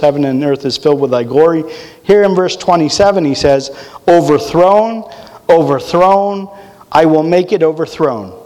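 A man's voice: high voice, darkish tone, big-room sound. A man preaching an expository sermon, reading scripture at length and breaking off for folksy, explanatory asides.

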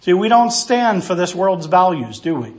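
A pastor preaching an expository sermon, earnestly teaching through a passage verse by verse and asking rhetorical questions. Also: male voice, high-pitched, big pitch swings, moderate pace.

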